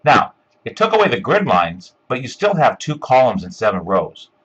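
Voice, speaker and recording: A man giving a step-by-step screencast software tutorial, talking casually with lots of ums and uhs. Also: mid-range voice, huge pitch swings, normal speed, slightly rough, dull audio. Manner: step-by-step, filler-heavy with frequent ums and uhs. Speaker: instructor.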